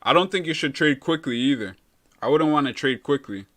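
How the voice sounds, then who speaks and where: Young dude on a chill stream, reading chat, says bro a lot, easygoing. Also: male voice, medium pitch, expressive, a little fast, a bit bright. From Canada. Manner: laid-back, calls everyone bro. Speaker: live-stream host. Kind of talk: casual chat reading viewer comments.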